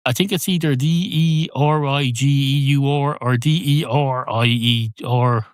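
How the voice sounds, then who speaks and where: Male comic host, rambling deadpan monologue, mid-pitched voice, dry close mic. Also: unhurried, smooth, no room sound. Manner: rambling, deadpan, self-correcting. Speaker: comedy podcast host. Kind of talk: stream-of-consciousness comic monologue.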